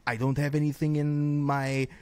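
A man's voice: a little high, flat delivery, darkish tone, clean tone, no echo, natural voice. A man voicing a grave male professor with a heavy put-on accent in an improvised comedy sketch. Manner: slow, heavily accented, broken speech.

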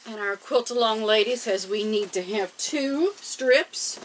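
A woman's voice: a little high, a little slow, a little hiss or hum, poor audio. A woman hosting a quilting tutorial, talking through each step casually and counting measurements aloud as she works. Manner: talks to herself while working, counting measurements aloud. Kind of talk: casual step-by-step craft demonstration.

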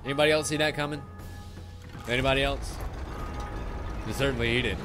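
A young man commentating over gameplay in a sarcastic, comedic way, swearing and panicking loudly, with game music behind him. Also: medium pitch, fairly even intonation, brisk. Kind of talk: comedic let's play commentary.

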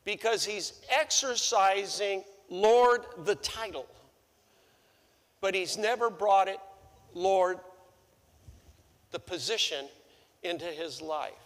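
Male pastor, middle-aged, high bright voice, animated stammering storyteller, long church reverb. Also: slow, long pauses. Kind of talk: sermon. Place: church sanctuary.

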